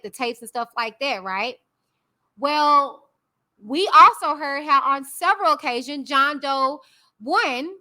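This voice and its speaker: Bright, high-voiced woman giving blunt commentary. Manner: candid, opinionated, talks directly to viewers. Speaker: YouTube commentary host. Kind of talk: casual live-stream commentary.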